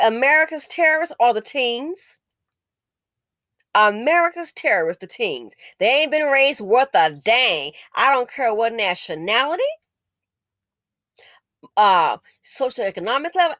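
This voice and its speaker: Woman commentator, lively swooping delivery, indignant and scolding, dry close sound. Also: fairly high pitch, normal speed, no echo. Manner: indignant, scolding, with sarcastic exclamations. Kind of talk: casual news commentary.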